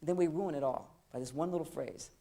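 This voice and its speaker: A man's voice: a little high, fairly quick, gravelly, dark tone. A man, a psychologist, giving a humorous seminar talk on relationships in short, punchy phrases. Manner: playful, acts out bits of dialogue in short phrases.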